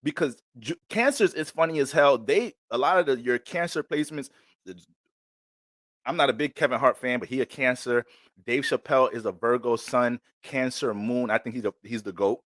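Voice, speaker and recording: A man's voice: mid-range voice, moderate pace, dry recording, studio quality. Slangy New man on a livestream. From Bronx, New York. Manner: loose, slangy, animated storytelling. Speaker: astrologer hosting a livestream. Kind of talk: casual livestream chat.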